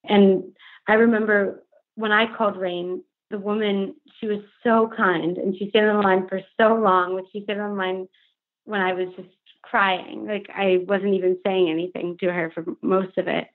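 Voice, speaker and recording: A woman's voice: medium pitch, level tone, moderate pace. Young woman guest, candid and heartfelt, mid-range voice over a thin phone line. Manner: earnest, heartfelt, frequent "like" fillers. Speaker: podcast guest, author. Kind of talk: candid interview conversation. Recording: phone-line remote call.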